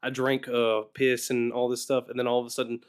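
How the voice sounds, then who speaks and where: A man's voice: mid-range voice, monotone, brisk, clear, resonant tone. A man co-hosting a podcast in casual chat, hesitant and laughing often. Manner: hesitant, many fillers and restarts, laughs often. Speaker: podcast co-host.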